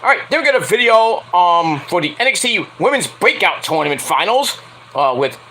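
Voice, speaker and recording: A man's voice: high-pitched, big pitch swings, normal speed, sharp tone, slight background noise, poor audio. A young man reviewing a wrestling show in a rambling, casual way, laughing often and breaking into squealing impressions. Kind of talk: casual solo review vlog.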